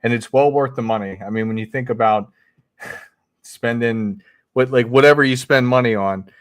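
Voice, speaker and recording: A man's voice: on the low side, steady tone, normal speed, dry recording. A man co-hosting a talk show, plugging his community in an upbeat way with frequent fillers. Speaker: co-host, men's community leader. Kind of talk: casual promo plug.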